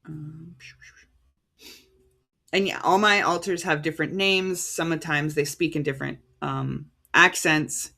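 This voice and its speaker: An American woman preaching a livestreamed sermon in a conversational, halting way, stopping to sort out names and titles as she reads them out. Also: sits low, steady tone, creaky, bright, forceful tone. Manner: conversational, halting, stops to reread cited titles.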